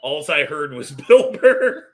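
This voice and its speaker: A man's voice: fairly high pitch, big pitch swings, takes it slowly. A man in casual chat, teasing a friend in an amused way.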